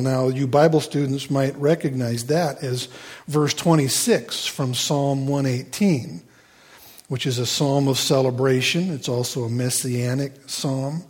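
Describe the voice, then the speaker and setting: A man's voice: medium pitch, fairly even intonation, a little slow, darkish tone, breathy edge. A middle-aged man preaching a sermon in a conversational way, with many fillers and restarts and playful asides to the congregation. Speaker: pastor.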